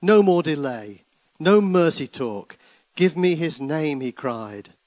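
A man voicing an enraged king who demands to know a culprit's name, shouting his lines with vehemence. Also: mid-range voice, unhurried, no room sound, lightly acted. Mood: furious. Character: furious young male king demanding justice.

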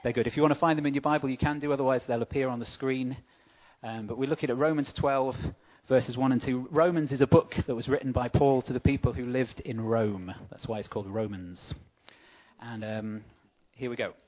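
A man's voice: medium pitch, steady tone, a little fast, lo-fi sound. A man giving an informal church talk, chatting with asides to the congregation. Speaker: church speaker.

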